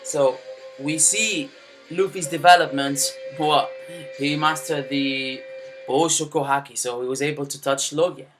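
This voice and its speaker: A man's voice: on the high side, steady tone, a little slow, music in the background. A young man ranting casually about an anime, swearing a lot and filling his talk with "you know" and "man". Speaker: anime fan commentator. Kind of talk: casual rant to camera.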